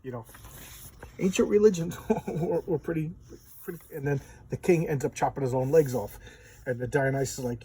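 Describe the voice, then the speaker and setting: A man talks through a comic book page by page in an easygoing, rambling way, dropping in "you know" and little asides as he goes. His pitch sits in a middle range, and a faint hum of room noise stays under his voice. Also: dark tone, low-quality recording. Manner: chatty retelling, leans on "you know"; acts out characters' lines in quick voices. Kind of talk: casual comic book walkthrough.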